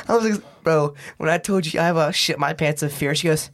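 A man's voice: a little high, slow pace, long pauses, very noisy. A young man, a podcast guest, telling a wild story in casual chat, swearing and laughing as he goes. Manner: animated, swearing, laughing often, slangy.

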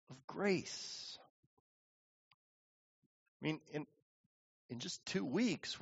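A pastor with a gravelly voice on the high side delivers a sermon in a church sanctuary, telling stories and acting out the people he quotes. The recording is dull lo-fi audio with a long hall reverb.

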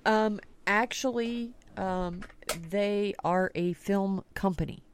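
A woman's voice: mid-range voice, takes it slowly, slight background noise. A woman hosting a talk radio podcast, telling stories in a casual, blunt way and swearing freely. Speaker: podcast host.

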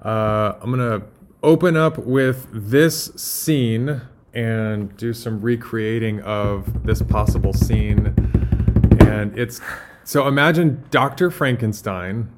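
A man hosting a casual Bible study podcast, telling things in a relaxed way full of fillers. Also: on the low side, slow pace, background noise. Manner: relaxed, filler-heavy storytelling. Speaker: podcast host.

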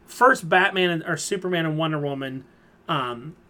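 A man's voice: fairly high pitch, moderate pace, bright, forceful tone. A man hosting a casual pop culture podcast, retelling comic plots in a rambling way full of fillers. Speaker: podcast host. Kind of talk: casual chat.

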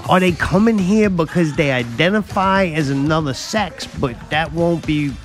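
A man's voice: a little high, moderate pace, faint music behind. A man co-hosting a casual podcast, joking sarcastically and swearing a lot. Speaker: podcast co-host. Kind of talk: casual chat.

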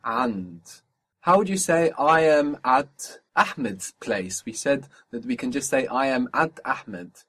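A man's voice: medium pitch, expressive, slow pace, pushed and bright. A man teaching a spoken language lesson, patiently asking for phrases, repeating each answer back and explaining pronunciation.

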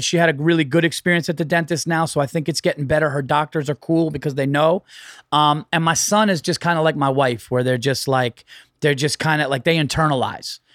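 A man's voice: fairly high pitch, dry recording, clean studio sound. A man speaking as a podcast guest, telling family stories frankly in casual chat. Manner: frank, conversational storytelling.

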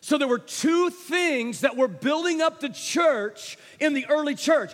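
Preacher, man, very high voice, chatty storyteller, big reverberant sanctuary. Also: expressive, unhurried. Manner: conversational storytelling, addresses congregation. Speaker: pastor. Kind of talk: sermon. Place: church sanctuary. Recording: long hall reverb.

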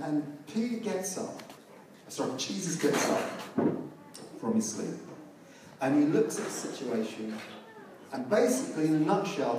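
Man preaching in an echoey hall. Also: fairly high pitch. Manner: storytelling, rising to loud emphatic peaks. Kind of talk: sermon. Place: large church hall. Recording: echoey church hall, mic at a distance.

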